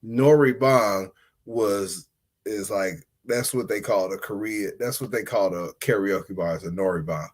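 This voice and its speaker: An American man hosting a podcast tells a story in a relaxed monologue, taking his time. He speaks in slang and swings between loud outbursts and low mutters.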